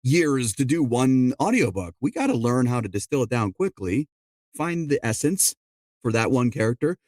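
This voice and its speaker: A middle-aged man, an audiobook narrator and dialect coach, answering interview questions in an explanatory way, often quoting people in quick asides. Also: mid-range voice, big pitch swings, darkish tone, dry recording, clean studio sound.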